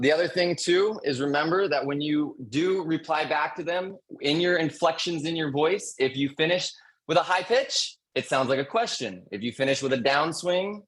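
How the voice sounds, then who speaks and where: A man's voice: on the high side, fairly bright tone, rough recording. Upbeat man coaching real estate agents. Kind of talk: panel webinar presentation.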